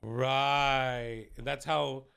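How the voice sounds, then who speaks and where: A man's voice: medium pitch, steady tone, extremely slow, vocal fry, fairly bright tone, smooth. A man co-hosting a comedy history podcast, reacting in laid-back, profane casual chat. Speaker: podcast co-host.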